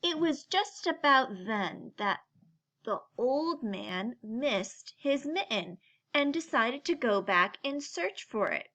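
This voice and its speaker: Female storyteller, read-aloud pace, slightly high, bright tone. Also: sing-song. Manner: slow, gentle read-aloud. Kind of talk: reading a picture book aloud.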